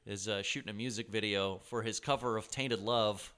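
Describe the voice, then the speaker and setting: A man's voice: on the low side, fairly even intonation, moderate pace, a bit bright, clear, resonant tone. A man co-hosting a casual film podcast, dryly summarizing the plot. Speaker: podcast co-host.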